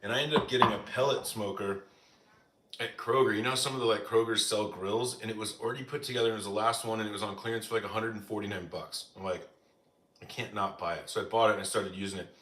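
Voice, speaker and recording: American guy chatting on a live stream, bright voice, says like a lot, echoey room. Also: on the low side, fairly even intonation, fast talker. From United States. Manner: chatty, lots of "like" fillers. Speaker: live-stream cooking host. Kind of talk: casual chat reading viewer comments.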